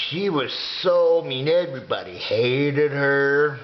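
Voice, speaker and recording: A man in his sixties telling a comic story in a drawn-out, rambling way, sometimes dropping to a whisper. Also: a little high, a little hiss or hum. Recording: dull lo-fi recording.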